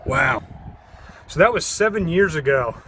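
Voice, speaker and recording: Out of breath guy on a phone cam up a tower, kinda high voice, lots of outdoor noise. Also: unhurried. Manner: chatty, excited narration. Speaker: vlogger. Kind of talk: casual narration while climbing. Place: top of a tall outdoor tower. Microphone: handheld phone camera.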